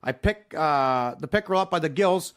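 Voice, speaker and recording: A man's voice: on the high side, moderate pace, clean tone. A man hosting a podcast, chatting casually and telling a fishing story full of swearing. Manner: profane, animated storyteller. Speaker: podcast host.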